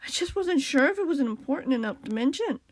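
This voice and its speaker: A woman reading aloud and voicing a worried young male cat who speaks softly and hesitantly. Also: high voice, expressive, a little fast, pitched above the performer's own voice. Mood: uneasy. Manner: soft, hesitant, troubled.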